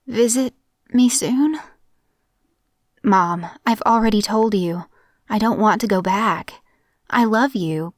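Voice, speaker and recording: A woman's voice: lowish voice, dry recording, clean studio sound. Somber woman narrating a horror story.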